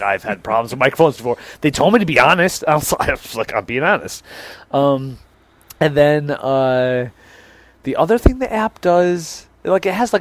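A young man chats casually on a podcast, spinning a long anecdote. He pokes fun at himself and acts out each exchange with the other people in the story. His voice sits in an ordinary middle pitch. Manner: rambling, self-deprecating, acts out both sides of conversations. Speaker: podcast co-host.

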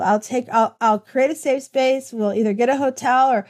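Her voice is high-pitched and a little mellow, moving at normal speed. She's an American podcast host conducting a conversational interview, enthusiastic and rambling at length, full of restarts.

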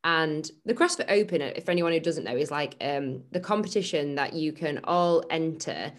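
A woman's voice: low voice, normal speed. A woman co-hosting a casual fitness chat, telling stories and laughing often. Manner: chatty storytelling, laughs often. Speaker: podcast co-host and fitness coach.

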